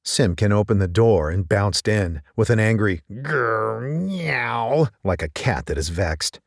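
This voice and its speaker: A man reading a children's story aloud in a gentle, expressive manner. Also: deep voice, moderate pace, dry recording, studio quality.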